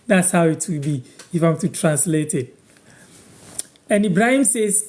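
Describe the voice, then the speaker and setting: A man from Ghana hosts a live-stream lesson, giving each word slowly and then repeating it. His voice is mellow and dark, with an unhurried, patient delivery. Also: high-pitched. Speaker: host teaching language on a live stream. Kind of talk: live-stream language lesson, answering viewers.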